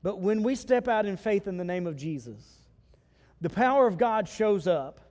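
A man preaching a sermon as pastor, animated and acting out the voices of the people he quotes. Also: high voice, moderate pace, in a large hall. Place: church sanctuary.

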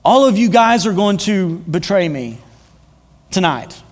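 Jesus speaking to his followers in plain everyday talk, a preacher quoting him, fairly high male voice with long echoing reverb from a big hall. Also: lively intonation, a little slow. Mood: solemn. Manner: plain conversational retelling in the preacher's own voice. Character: Jesus, a grown man teaching his followers.

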